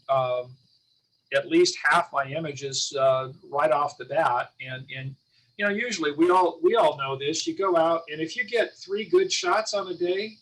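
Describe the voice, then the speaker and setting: A man's voice: on the high side, a bit bright. A man speaking as a guest on a club video call, conversational and emphatic, with frequent fillers. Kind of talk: casual Zoom meeting chat. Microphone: computer mic on a video call. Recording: distant mic on a video call.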